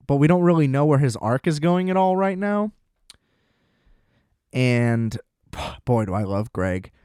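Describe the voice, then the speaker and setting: A man talking alone into a close podcast mic, rambling and swearing with excitement. His voice sits a bit higher than most men's. The sound is dry and close, with little room around it. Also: no echo. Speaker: podcast host. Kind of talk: casual solo podcast rant.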